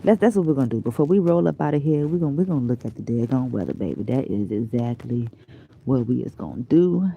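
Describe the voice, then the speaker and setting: A woman's voice: extremely low pitch, animated, quick pace, gravelly, warm tone, breathy edge, no room sound, muffled recording. A tired woman vlogger chatting casually to her viewers, rambling and drifting into whispers. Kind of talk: rambling casual live chat.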